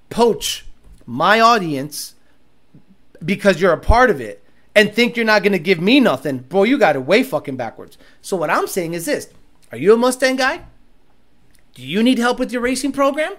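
A man's voice: sits high, sing-song, normal speed, fairly bright tone. A young man rants through a casual livestream, blunt and boastful. He swears freely and talks straight at his chat as host.

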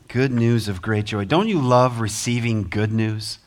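A man's voice: fairly low pitch, unhurried. A man preaching a sermon as pastor, earnest, with rising emphasis, American accent. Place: church sanctuary.

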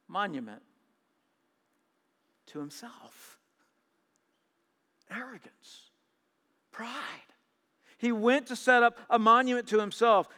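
High-voiced preacher in a reverberant hall. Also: male voice, smooth. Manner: swings from hushed, trailing lines to loud emphatic reading; stammers on repeated words when musing. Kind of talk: sermon reading and explaining scripture.

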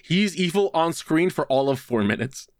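A man's voice: a little high, animated, normal speed, no room sound. A man co-hosting a casual podcast, swearing often as he rants through a movie recap. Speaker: podcast co-host.

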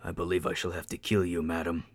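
A man voicing a wary, disguised young duke from a fantasy novel, speaking in a quiet, low, guarded way. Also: little pitch movement, quick pace.

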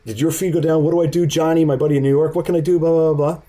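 A man telling a story in casual chat, animated, swearing and laughing often. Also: fairly high pitch, rapid-fire.

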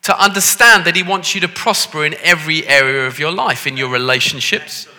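Scouse male preacher, joking and conversational, with a sharp, ringing tone in a big echoing hall. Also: fairly high pitch, brisk. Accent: Liverpool. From Liverpool, England. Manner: jokey, self-deprecating, conversational. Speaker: visiting preacher. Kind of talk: sermon. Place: church hall. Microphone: handheld microphone. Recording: reverberant church hall.

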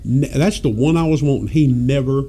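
A podcast co-host with a dark-toned, mid-range voice tells rowdy stories at a moderate pace in a casual chat. He laughs a lot and curses freely.

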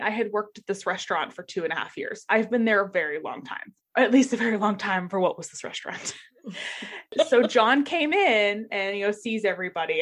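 A woman telling a funny story on a podcast in an easy, chatty way. She laughs a lot as she goes, and her voice sits at a middle pitch. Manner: animated storyteller, laughs often. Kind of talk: casual chat, storytelling.

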